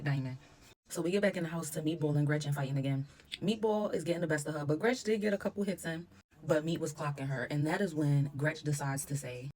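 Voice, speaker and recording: Woman, low pitch, casual commentary, opinionated, blunt. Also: a little mellow. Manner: opinionated, blunt, swears freely. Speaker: reality TV reviewer.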